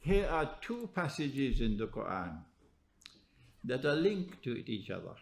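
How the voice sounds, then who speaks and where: A man giving a religious lecture, prodding his listeners with rhetorical questions and a teasing "huh?", delivered in an animated, emphatic way. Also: mid-range voice, a little slow, gravelly. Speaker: Islamic scholar lecturing.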